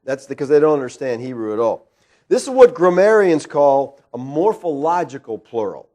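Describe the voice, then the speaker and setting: A man's voice: fairly high pitch, sing-song, moderate pace, warm tone. A man preaching an expository sermon in a church, conversational and full of rhetorical questions, often checking in with "all right?". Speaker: pastor. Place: church sanctuary.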